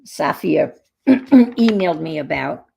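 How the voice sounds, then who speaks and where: A woman's voice: low-pitched, animated, slow pace, gravelly, dark tone, a little hiss or hum. A woman hosting a casual live chat while crafting, rambling as she goes and greeting viewers by name. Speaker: craft livestream host.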